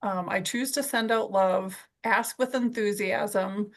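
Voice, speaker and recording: A woman's voice: medium pitch, fairly even intonation, slow. A woman leading a weekly sales team call, upbeat and encouraging as she recaps a coaching session. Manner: enthusiastic, encouraging.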